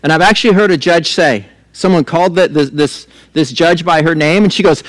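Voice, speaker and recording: A man's voice: on the high side, normal speed, no room sound. A middle-aged male pastor preaching a sermon in a conversational way, with laughing asides and repeated words as he restarts.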